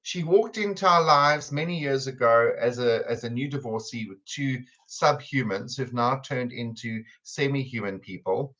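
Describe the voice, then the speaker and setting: A man's voice: medium pitch, normal speed, few pauses, bright, forceful tone, low-quality recording. A man with a South African accent hosting a live cooking stream in a chatty, teasing way, laughing often. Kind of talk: casual chat on a livestream. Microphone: computer camera on a video stream.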